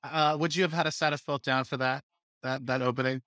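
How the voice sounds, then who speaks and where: A male podcast host with a bright, forceful voice, chatting casually and joking, often restarting his sentences. The sound is dry and close. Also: medium pitch, steady tone, a little fast, no room sound. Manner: jokey, rambling with restarts. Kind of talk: casual chat.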